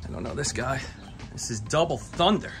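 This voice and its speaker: Male vlog host, mid pitch, excitable, chatty, tours a barn outdoors with faint music underneath. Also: moderate pace. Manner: excited, chatty, stumbles over words. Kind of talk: casual walk-and-talk vlog. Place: outdoors at a horse barn shed row.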